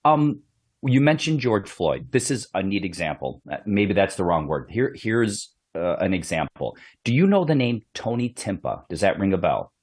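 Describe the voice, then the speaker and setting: A man hosts a podcast interview and tells a story in an animated, conversational way, repeating words as he goes. His voice is low and husky, and his pitch moves around a lot. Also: moderate pace. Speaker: podcast host, police background.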